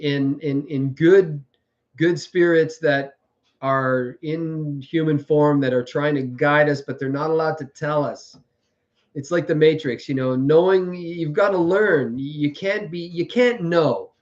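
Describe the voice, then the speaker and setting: Halting, rambling man on a lo-fi stream. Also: a little high. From French background. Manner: meandering, halting, repeats words and fillers. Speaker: livestream host. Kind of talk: rambling live-stream monologue.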